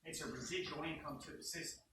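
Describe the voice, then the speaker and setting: A young man telling a class a personal story in an animated, profane way. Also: a little high, quick pace, noisy background. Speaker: student speaker. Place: university classroom. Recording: echoey classroom from far off.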